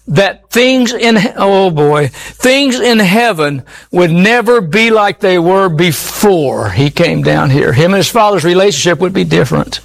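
Guy preaching a sermon, pretty high voice for a man, earnest and pleading, keeps repeating words. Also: creaky, a bit bright.

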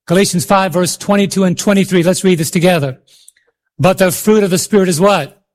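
A high-pitched man preaches with fervor, throwing questions out to the congregation and urging them to answer. His delivery is a passionate sermon, full of calls and repetition. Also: brisk, darkish tone. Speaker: pastor.

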